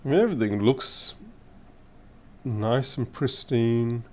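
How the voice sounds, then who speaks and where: A man thinking aloud in casual live-stream commentary as he repairs electronics, his voice a little hoarse and wavering. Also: mid-range voice, slow pace, darkish tone. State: slightly hoarse. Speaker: repair technician livestreaming.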